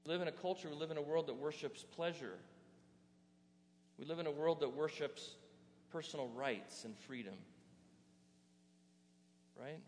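Animated male pastor preaching in a hall. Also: a little high, normal speed, pauses often, a little hiss or hum. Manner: animated preaching, rhetorical questions to the audience. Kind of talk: sermon. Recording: reverberant hall.

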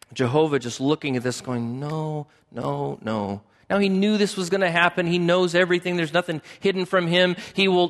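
A man's voice: a little high, fairly bright tone, in a large hall. A man preaching a sermon as pastor, emphatic and repeating key phrases for stress.

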